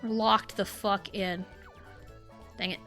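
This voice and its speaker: A young adult woman streaming a party game live, swearing freely and swinging from frustrated yelling to low muttering. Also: flat delivery, takes it slowly. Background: game music.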